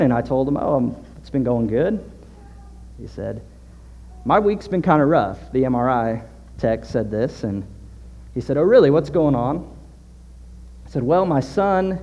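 A man from Southern Illinois preaching a sermon, telling a story and acting out the dialogue in lively voices. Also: mid-range voice. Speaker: pastor. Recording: dull lo-fi sound with long hall reverb.

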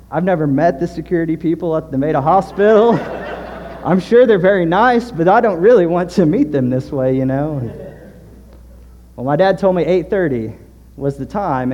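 A man from Southern Illinois preaching a sermon, telling a story and acting out the dialogue in lively voices. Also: on the high side. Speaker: pastor. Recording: dull lo-fi sound with long hall reverb.

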